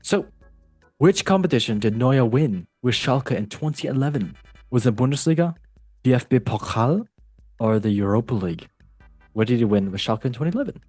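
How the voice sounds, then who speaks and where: A man's voice: mid-range voice, expressive, normal speed, a little mellow, slightly rough, no room sound, soft background music. A man hosting a casual football quiz podcast, playful and rambling with jokey asides. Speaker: quiz show host.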